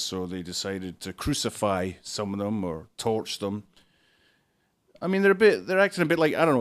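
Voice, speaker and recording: A man, hosting a podcast and reviewing a film in a dry, sarcastic monologue full of deadpan jokes. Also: on the low side. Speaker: podcast host.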